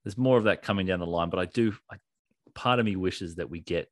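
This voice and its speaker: A man co-hosting a podcast in casual chat, excitable and rambling, laughing often. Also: deep voice, a little fast, no room sound, clean studio sound. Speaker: podcast co-host.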